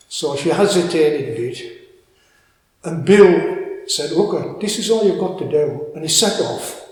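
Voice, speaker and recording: An older man with a Cumbrian accent telling a story in an interview, halting and repeating words as he goes. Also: fairly high pitch, lively intonation, darkish tone. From Cumbria, England. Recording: echoey room with long reverb.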